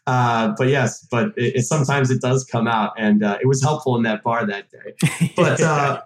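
A man's voice: mid-range voice, moderate pace. A man in his thirties from Massachusetts, a podcast guest chatting casually and rambling with lots of fillers and restarts. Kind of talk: casual chat. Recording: roomy echo.

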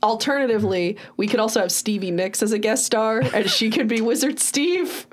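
A woman's voice: fairly high pitch, slight background noise. Playful woman running a tabletop game. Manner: laughing, playful, quick asides. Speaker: game master.

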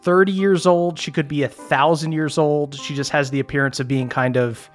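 A man's voice: fairly high pitch, fairly even intonation, normal speed, faint music behind. A man narrating a tabletop game as game master, describing scenes casually with fillers.

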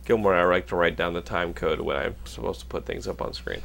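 Low, fast, and gravelly, the young man's voice comes with a little hiss or hum. He hosts a casual podcast chat, telling animated stories and swearing a lot.

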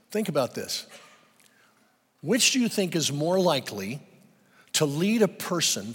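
A man's voice: a little high, fairly bright tone, breathy edge. A pastor preaching a sermon, earnest and emphatic, asking his listeners rhetorical questions. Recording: long reverb of a large hall.

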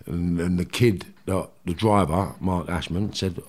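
A man, a guest telling blunt, animated stories in a casual interview and swearing freely. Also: low-pitched, moderate pace, slightly rough.

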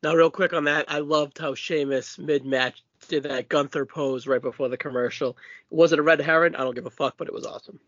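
A man with a Massachusetts accent hosting a casual wrestling podcast, brash and profane with quick asides. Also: a little high, fairly even intonation, fairly bright tone, dry recording. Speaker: podcast host. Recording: dull dry lo-fi audio.

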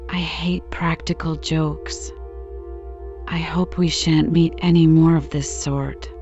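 A woman's voice: low voice, steady tone, takes it slowly, a little mellow, dull audio, soft background music. A woman voicing a fussy, house-proud mother who dislikes jokes in a storybook reading, with a prim, disapproving manner.

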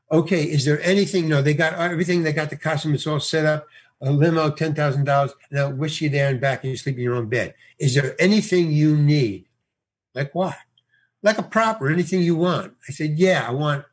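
Husky man telling a lively story. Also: on the high side. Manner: animated storyteller, acts out dialogue, laughs often. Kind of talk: casual anecdote.

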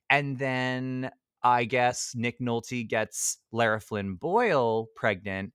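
A man's voice: medium pitch, slow, fairly bright tone, clear, resonant tone, no room sound, studio quality. A man co-hosting a podcast in casual chat, rambling with many restarts. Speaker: podcast co-host.

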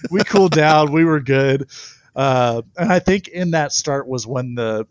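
A young man, a baseball pitcher, telling stories in a casual interview and laughing often. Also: a little slow, smooth, no room sound, dull audio.

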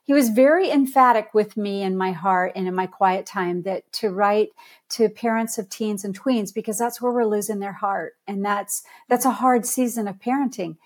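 A middle-aged woman talks as a podcast guest, an author and speaker telling her story at a mid-range pitch. She is lively and laughs easily, keeping a conversational storyteller's flow. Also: normal speed.

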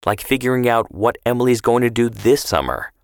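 A man's voice: mid-range voice, brisk, creaky, no echo, studio quality, voice pushed up, lightly acted. A man reading the part of a worried, practical mother who argues her point firmly. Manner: firm, arguing. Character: worried, practical mother, middle-aged woman.

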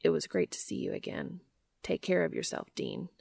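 A woman voicing a soft-spoken, weary young man, quiet and hesitant, in a lowered voice. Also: huge pitch swings, normal speed, vocal fry, dry recording, full character voice. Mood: sad. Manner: hushed and hesitant, low and quiet.

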